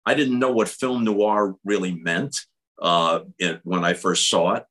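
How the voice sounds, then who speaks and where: Older male broadcaster guest, crisp bright tone, articulate anecdotes. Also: low-pitched, measured pace, rough recording. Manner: articulate, animated storyteller. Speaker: veteran sports broadcaster, guest. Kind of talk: casual interview storytelling.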